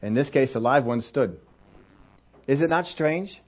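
A man's voice: medium pitch, animated, measured pace. A male pastor giving a conversational sermon in a folksy, humorous way and acting out scenes. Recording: dull lo-fi sermon recording.

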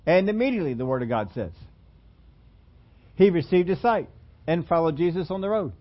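A man's voice: a little high, animated, a little fast, dull audio. A man preaching a sermon in a church room, talking conversationally and putting questions to the congregation. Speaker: pastor.

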